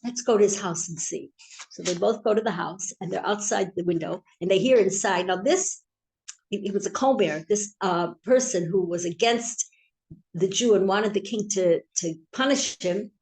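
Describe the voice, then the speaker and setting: A woman teaching a Torah class, telling a story in an animated, chatty way. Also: medium pitch, moderate pace, low-quality recording.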